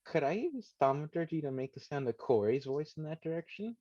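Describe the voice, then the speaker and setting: A man's voice: fairly high pitch, big pitch swings, brisk, mellow, no room sound. A man playing a tabletop game, asking about the rules and thinking aloud. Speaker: player. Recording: dull lo-fi mic.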